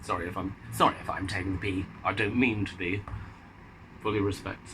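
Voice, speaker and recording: A man's voice: low voice, fairly even intonation, fairly quick, noisy background. A man hosting a casual on-camera chat, with playful, joking banter. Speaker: host.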